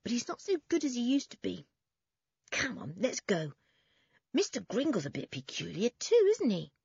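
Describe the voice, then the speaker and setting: A woman's voice: fairly high pitch, huge pitch swings, moderate pace, vocal fry, a little mellow, slightly rough, dry recording, voice pushed up, full character voice. Woman voicing a bold farm boy, chatty, dry lo-fi sound.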